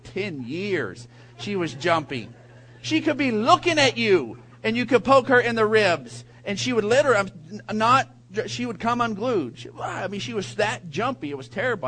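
High-voiced man telling a sermon story. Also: slight background noise, low-quality recording. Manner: animated storyteller, builds to emphatic preaching. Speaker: pastor.

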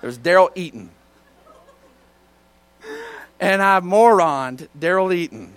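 A male pastor preaches to his church, his voice sitting on the high side. He tells homespun stories in a loose, conversational way. Every so often he breaks into a sudden shout. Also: moderate pace, hardly any pauses, smooth. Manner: folksy storytelling with bursts of shouting. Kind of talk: sermon.

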